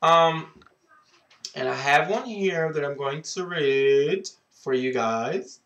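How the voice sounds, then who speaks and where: In his casual dating-advice vlog, a sassy, outspoken man swears freely and keeps stretching out the same greeting catchphrase. His voice sits on the high side and is a bit bright, though the audio sounds dull.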